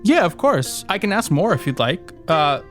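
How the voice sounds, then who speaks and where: A man's voice: a little high, big pitch swings, moderate pace, a bit bright, faint music behind. A man playing a tabletop game in character, speaking in a hesitant, polite way. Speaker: player.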